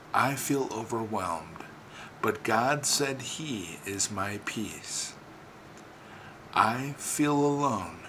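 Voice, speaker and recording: A male preacher delivers an inspirational sermon at an unhurried pace, leaning on rhythmic repetition. His phrases swell into emphatic peaks and then settle back down. A faint ambient hum sits under the voice. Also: mid-range voice, sharp tone, poor audio.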